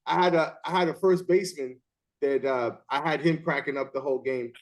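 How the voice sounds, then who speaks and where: A man hosting a casual chat and telling umpiring stories in an animated way, acting out the scenes. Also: a little high, a little fast. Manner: animated storyteller, acts out scenes. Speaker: interview host and umpire.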